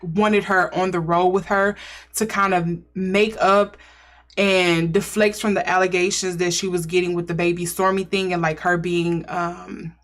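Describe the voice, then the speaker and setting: A woman's voice: on the low side, flat delivery, a little slow. A woman giving a casual intuitive tarot reading, musing and thinking aloud as she speculates. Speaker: tarot reader.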